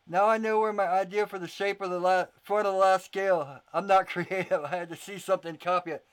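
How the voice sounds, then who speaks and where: A young man with a fairly high voice hosts his own livestream as a knife maker and YouTuber. He talks loosely, doubles back on his words and stops to answer viewer comments. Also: fairly even intonation, moderate pace, clear, resonant tone. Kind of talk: casual livestream chat.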